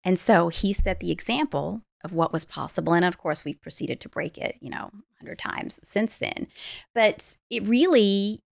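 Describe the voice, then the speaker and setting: A woman's voice: fairly low pitch, normal speed, vocal fry, no room sound, studio quality. A woman life coach telling stories with energy in a podcast conversation, laughing easily. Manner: animated storyteller, laughs easily.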